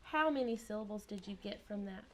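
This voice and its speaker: A woman's voice: mid-range voice, expressive, a little fast, a loud crowd. A woman teaching kindergarten in a classroom, patient and encouraging, asking the children lots of prompting questions.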